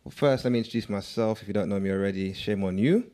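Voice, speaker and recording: A man's voice: lowish voice, fast, dark tone. A man hosting a podcast in London, leading the talk with playful, hyped banter. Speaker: podcast host. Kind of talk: casual podcast chat.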